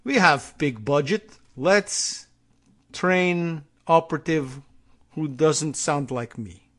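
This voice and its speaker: A man's voice: a little high, slow, a bit bright. A man putting on a mock Russian accent to voice a blunt, scheming male spymaster who speaks clipped, broken English and drops his articles.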